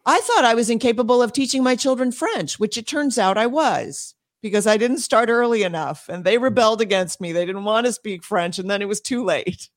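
A woman speaking as an interview guest and homeschool advocate, emphatic and quick, with frequent laughs and restarts. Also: fairly high pitch. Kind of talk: passionate interview talk.

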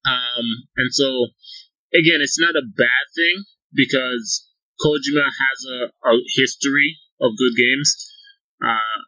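A man hosting a casual video game podcast, excitable and often repeating words as he starts sentences. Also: medium pitch, no room sound. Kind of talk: casual game discussion chat. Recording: slightly dull, dry lo-fi recording.

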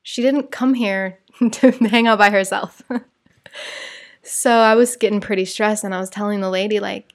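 A woman's voice: mid-range voice, fairly even intonation, moderate pace. Chatty woman telling a story. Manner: chatty, digressive, acts out quotes. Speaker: vlogger. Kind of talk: casual storytime.

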